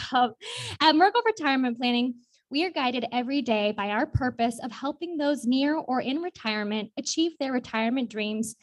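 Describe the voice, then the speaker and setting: A woman delivers heartfelt, formal remarks on behalf of a sponsor at an awards dinner. She sounds a little breathless, and her voice sits somewhat high. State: slightly out of breath. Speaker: sponsor executive.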